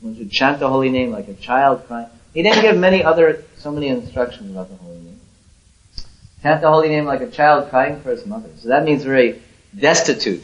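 A man teaching a devotional lecture to a small audience, earnest, moving from loud calls to hushed pleading. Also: medium pitch. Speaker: spiritual teacher. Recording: roomy, slightly dull recording.

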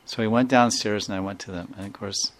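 A man's voice: fairly low pitch, fairly even intonation, a little fast, a little hiss or hum. A man speaking as a spiritual teacher, giving a devotional talk full of storytelling and repeated phrases. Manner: warm storytelling with repeated phrases and quoted dialogue.

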